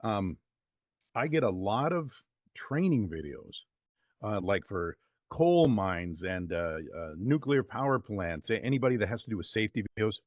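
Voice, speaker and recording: A man with a fairly low voice chats with an easy, rambling enthusiasm, stacking up fillers as he goes. The sound is dry and a little dull, like remote call audio. He speaks as an interview guest. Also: very animated, moderate pace, dry recording. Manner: rambling, upbeat, lots of fillers. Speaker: voice-over artist guest. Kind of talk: casual interview talk.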